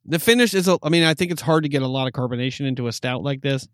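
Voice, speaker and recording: A man's voice: medium pitch, rapid-fire, fairly bright tone, no echo, clean studio sound. A man co-hosting a casual beer review podcast, easygoing and self-deprecating. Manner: easygoing, self-deprecating, says dude a lot. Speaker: podcast co-host.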